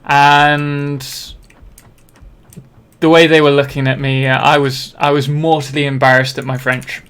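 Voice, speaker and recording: A man's voice: fairly high pitch, little pitch movement, unhurried, a bit bright, clear, resonant tone. A young man from Britain chatting casually on a live game stream, rambling and self-deprecating, with many ums and restarts. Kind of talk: casual live-stream chat while playing.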